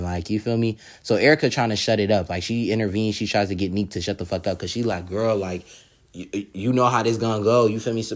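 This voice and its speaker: A man casually recapping a reality show episode, swearing freely, laughing often and acting out what the cast said. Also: lowish voice. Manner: profane, laughs often, acts out quotes. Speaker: TV episode reviewer.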